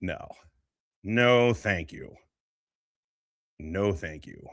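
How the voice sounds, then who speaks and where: Male stream host, lowish voice but forceful and bright, swears a lot, rambles, dry close sound. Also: lively intonation, very slow, no echo. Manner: profane, rambling, emotional. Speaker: livestream host and veteran. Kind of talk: casual livestream chat.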